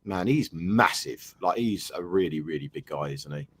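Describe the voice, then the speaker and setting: A man's voice: deep voice, animated, moderate pace, a bit bright. A man from Chelmsford co-hosting a football podcast, laughing often and teasing his friends. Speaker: podcast co-host. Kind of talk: casual football banter.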